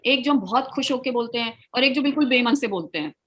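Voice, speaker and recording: A woman's voice: fairly high pitch, animated, very fast, a bit bright, husky, rough recording. A woman with an Indian English accent teaches spoken English over a video call, mixing in Hindi and coaching her students. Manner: mixes Hindi into English, asks students to try. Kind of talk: online class, coaching students.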